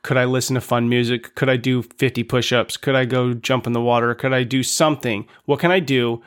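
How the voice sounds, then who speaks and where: A man in his thirties hosting a podcast, talking earnestly and casually to listeners, asking them lots of questions. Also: medium pitch. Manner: earnest, conversational, asks listeners many questions. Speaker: podcast host. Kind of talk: casual motivational monologue.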